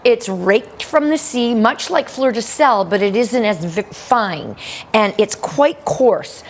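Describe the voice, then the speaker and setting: A woman's voice: a little high, animated, slow pace. A woman giving an upbeat cooking demonstration in a kitchen, chatting with playful asides.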